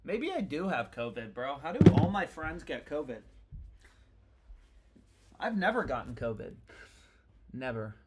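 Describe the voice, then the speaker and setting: A young man hosts a casual betting live stream, talking in loose slang and swearing freely. His voice sits a little higher than most men's. He rambles and jumps between thoughts as he works through his picks. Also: sing-song, a little slow, long pauses, darkish tone, slight background noise. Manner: slangy, profane, rambling and restless. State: annoyed.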